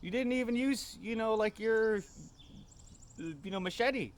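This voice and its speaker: A man's voice: high-pitched, measured pace, voice pushed up. A man voicing his young daughter, teasing him with amusement in a raised voice. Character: laughing young girl teasing her dad.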